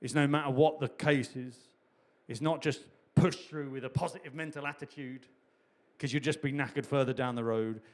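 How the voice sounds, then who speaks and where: A man's voice: medium pitch, fairly even intonation, moderate pace. A man preaching a sermon in a chatty, humorous way, repeating key phrases for emphasis. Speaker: pastor.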